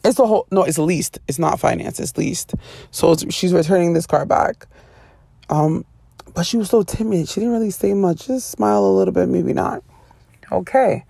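A woman casually retelling a personal story to her viewers, rambling and animated with frequent self-corrections. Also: fairly low pitch, normal speed, creaky, breathy edge, dry recording.

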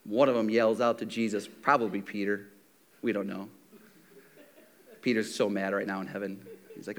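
A man preaching a sermon, telling the stories in a lively, conversational way and acting out the characters' lines, swinging from loud shouts down to near-whispers. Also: fairly low pitch, normal speed, long pauses, a little hiss or hum. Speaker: pastor.

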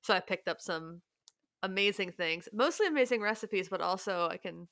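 Podcast host, woman in her thirties, bright tense tone, dry close sound, chatty with laughs. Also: medium pitch, lively intonation, vocal fry, no room sound. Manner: laughing, chatty, quick asides. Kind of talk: casual chat.

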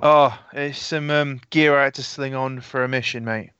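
A man's voice: mid-range voice, fairly even intonation, normal speed, fairly bright tone, smooth, dry recording. Male tabletop player, casual and foul-mouthed, dull lo-fi recording, dry sound. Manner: casual, swears freely. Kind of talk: tabletop role-play in and out of character.

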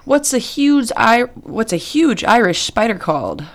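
A woman's voice: a little high, sing-song, measured pace. A woman co-hosting a radio show, playful and laughing often as she trades puns. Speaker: radio co-host. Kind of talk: casual radio chat.

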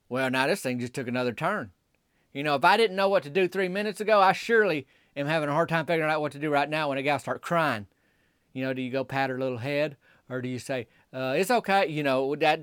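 A man's voice: medium pitch, a bit bright, dry recording, studio quality. A man telling a comedic story in a rambling, folksy, drawling manner. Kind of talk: deadpan comedic monologue.

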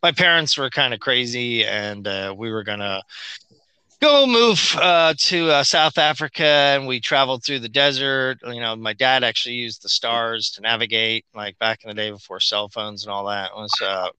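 A man with a very bright, crisp voice talks casually as a guest, telling long rambling stories. He mimics and mocks the voices he quotes. The sound is dry and close. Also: mid-range voice, moderate pace, dry recording. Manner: rambling, storytelling, mocking quotes. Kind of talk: casual conversation.

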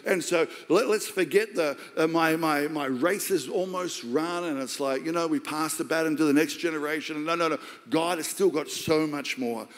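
An Australian man preaching a sermon as pastor, jokey and animated, acting out the voices of the story. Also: fairly high pitch, normal speed, hardly any pauses. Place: large church hall. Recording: long hall reverb.

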